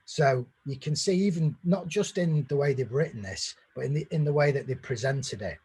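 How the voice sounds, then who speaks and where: A man's voice: on the high side, moderate pace, mellow, husky. A man giving a conversational marketing presentation, explaining at length with fillers and restarts.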